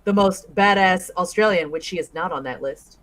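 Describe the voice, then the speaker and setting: A speaker moderating a casual debate chat, with chatty, quick agreeing interjections. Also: medium pitch, fairly bright tone.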